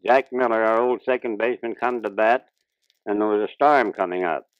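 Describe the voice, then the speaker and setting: An older man, a retired ballplayer, tells plainspoken, folksy stories in brisk, ungrammatical old-time speech, his voice lowish. It's a 1940s radio interview with a dull, dry transcription sound.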